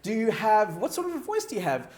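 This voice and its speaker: Male keynote speaker with a high, animated voice and a roomy hall echo, talking straight to the audience. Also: quick pace. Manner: animated, audience-directed, frequent "right?" checks. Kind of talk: energetic conference keynote. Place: large conference hall.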